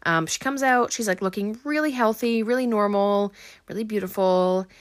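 A woman's voice: mid-range voice, normal speed, dry recording, clean studio sound. A young adult woman casually recapping a film's plot, chatty and filled with "um" and "like". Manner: chatty, full of "um" and "like". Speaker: film recap host.

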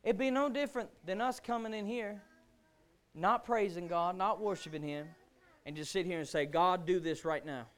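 A man preaching a sermon, building to shouts and firing rhetorical questions. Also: sits high, normal speed.

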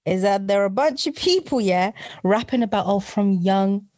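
A young woman in a casual podcast chat, teasing and laughing with quick comebacks. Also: medium pitch, expressive, darkish tone, dry recording, clean studio sound.

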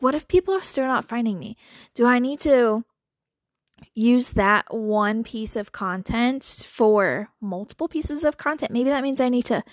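A woman hosting a podcast, talking in a chatty, animated way with lots of filler words and little laughs. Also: fairly high pitch, no room sound, clean studio sound. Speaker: podcast host. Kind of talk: casual monologue.

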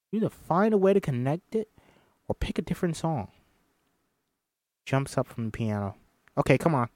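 A studio-quality, echo-free recording captures a man with a fairly high voice. He performs a film script entirely by himself, reading stage directions and animatedly giving voice to each character.

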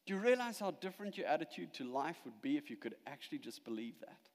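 A male pastor preaching a sermon, emphatic at the peaks and dropping quiet at the close. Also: fairly high pitch, sing-song, fast, long reverb tail.

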